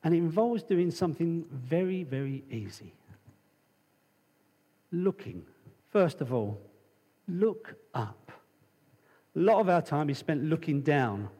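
A man's voice: on the high side, sing-song, slow pace, pauses often, warm tone, breathy edge, long reverb tail. A male preacher giving a conversational sermon, telling stories and reading scripture.

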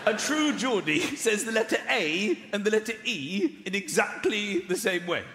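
Brief: male stand-up comic, high lively voice, echoey hall, loud crowd. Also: normal speed. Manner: animated, acts out voices. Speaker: stand-up comedian. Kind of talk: stand-up comedy routine. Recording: live hall, echoey, loud audience noise.

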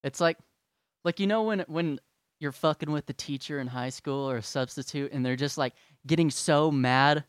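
A man's voice: a little high, moderate pace, clear, resonant tone, no echo. A man ranting to his followers in a sarcastic, profane and rambling way. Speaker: vlogger. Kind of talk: profane rant to camera.

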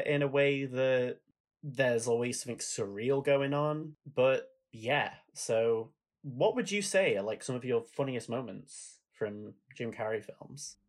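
A man's voice: medium pitch, animated, measured pace. A man co-hosting a podcast, chatting casually and enthusiastically about films, retelling favourite scenes with laughter. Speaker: podcast co-host. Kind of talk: casual film chat.

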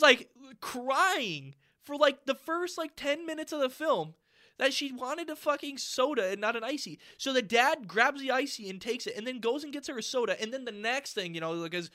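A man's voice: very high-pitched, pushed and bright. A young man co-hosting a casual podcast chat, ranting and swearing freely with lots of fillers. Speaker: podcast co-host.

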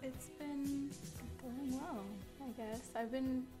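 A woman's voice: high-pitched, steady tone, takes it slowly. Giggly young woman chatting, music behind. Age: 20s. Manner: giggly, laughs often between lines. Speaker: podcast co-host. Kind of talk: casual chat.

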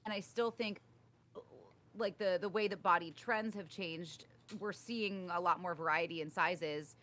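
A woman's voice: on the low side, measured pace, sharp tone. Chatty young woman podcast co-host. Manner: chatty, uses many fillers like "like" and "um". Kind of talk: casual chat.

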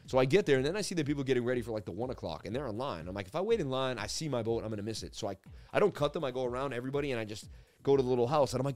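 A man's voice: mid-range voice, rapid-fire, soft background music. A man hosting a crypto market show, telling a rambling story full of "like" fillers and then talking through charts. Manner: animated, rambling, frequent "like" fillers. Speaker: crypto market analysis host. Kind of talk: casual storytelling and chart commentary.

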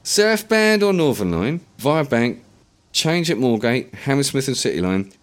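A man's voice: medium pitch, big pitch swings, unhurried, pitched above the performer's own voice. A man voicing a helpful middle-aged commuter with a thick London accent, in an audiobook reading. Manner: matter-of-fact, giving directions.

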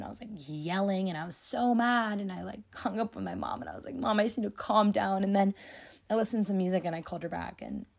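A woman's voice: mid-range voice, warm tone. A young woman hosting her own podcast, talking casually and chattily with lots of "like" and "you know.". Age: young adult. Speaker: podcast host. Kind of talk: casual solo podcast talk.

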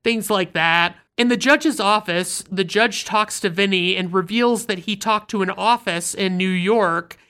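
A woman's voice: medium pitch, a little slow, hardly any pauses, a bit bright. A woman recapping a film in casual talk, blunt and heavy on swearing. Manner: blunt, profanity-laden storytelling. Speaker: film reviewer.

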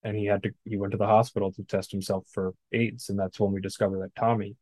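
Low-voiced man recapping a film. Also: quick pace, dry recording. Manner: animated recapping, blunt and profane. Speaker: podcast co-host. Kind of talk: casual movie discussion.

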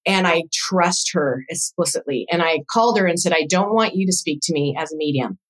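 Low-voiced woman, emotional storyteller. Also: fairly quick, poor audio. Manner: emotional, animated retelling with quoted dialogue. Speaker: podcast guest, doula coach. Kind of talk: casual interview storytelling.

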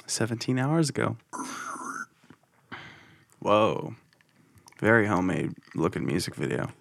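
A young man with a gravelly, creaky voice rambles through casual podcast chat, restarting his sentences. His pitch swings widely and he laughs easily. The sound is dry with no room echo. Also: very animated, a little slow. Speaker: podcast co-host.

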